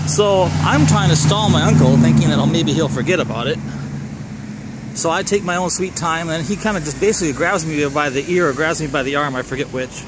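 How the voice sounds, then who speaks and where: A middle-aged man with a Minnesotan accent tells a personal story in a loose, rambling way, often backing up to correct himself. His voice sits a little high for a man and carries a wry edge. Faint traffic and outdoor ambience hum behind him. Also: brisk.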